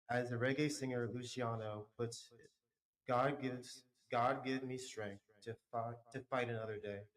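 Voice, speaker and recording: A man with an American accent, a postgraduate student, reading a passage from a history book aloud in a measured way. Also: mid-range voice, poor audio.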